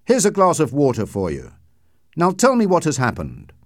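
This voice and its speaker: A man voicing a stern Victorian gentleman lawyer. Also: a little high, huge pitch swings, moderate pace, no echo, clean studio sound, voice pushed up. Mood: urging. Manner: formal, questioning, grows alarmed.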